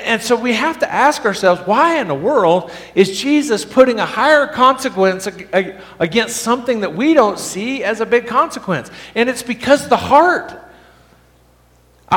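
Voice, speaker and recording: A pastor with a high voice preaches to his congregation, his pitch jumping up and down as he drives home each point. He's animated, repeatedly asks the congregation questions, and stammers whenever he restarts a sentence. The long reverb of a church hall carries his voice.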